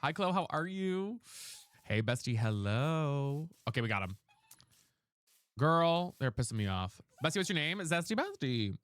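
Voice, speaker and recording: A sassy man chats through a live game stream, his voice leaping all over the place as he reacts and greets viewers. He reads chat aloud with playful attitude. The audio carries a clear layer of background noise. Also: on the high side, big pitch swings, unhurried, fairly bright tone. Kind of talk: casual live gameplay chat.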